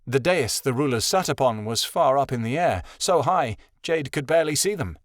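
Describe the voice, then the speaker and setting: A male narrator reading a fantasy novel aloud in a steady, even storytelling manner. His voice sits in a middling register. The recording is close and dry. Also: medium pitch, moderate pace, dry recording. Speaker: audiobook narrator. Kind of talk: scripted narration.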